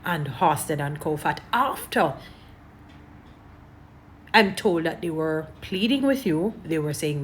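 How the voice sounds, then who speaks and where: Emphatic Jamaican woman, low voice. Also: lively intonation, slow, long pauses, a little hiss or hum. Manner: emphatic, preachy, repeats points. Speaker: online commentator. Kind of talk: casual commentary to camera.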